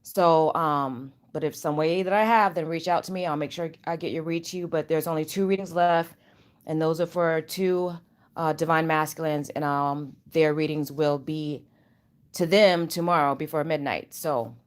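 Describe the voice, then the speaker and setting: Sleepy, chatty woman with a lowish voice. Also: steady tone, moderate pace. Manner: chatty, rambling, many fillers. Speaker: spiritual reader and channel host. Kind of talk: casual spiritual vlog update.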